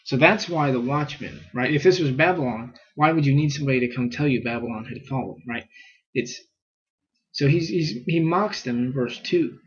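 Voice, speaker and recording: A man's voice: medium pitch, normal speed, breathy edge, dull audio. A man giving a casual scripture lesson, thinking aloud with fillers and reading passages aloud. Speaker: scripture teacher.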